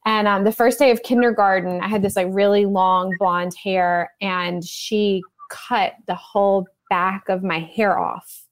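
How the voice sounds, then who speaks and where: A woman's voice: mid-range voice, steady tone, a little slow. A woman hosts a casual conversation. She talks in a chatty, easygoing way and fills her sentences with "like" and "um.". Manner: chatty, many fillers like "like" and "um". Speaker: host. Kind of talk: casual chat.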